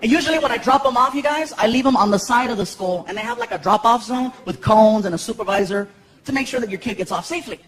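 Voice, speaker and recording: A man in his thirties telling stand-up stories on a live stage, animated and full of character voices. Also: very high-pitched, fast. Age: 30s. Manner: animated, lots of character voices and shouted punchlines. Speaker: stand-up comedian. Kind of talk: stand-up comedy storytelling. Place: large theater stage. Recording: noisy live venue, echoey hall with loud crowd. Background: audience laughter and crowd noise.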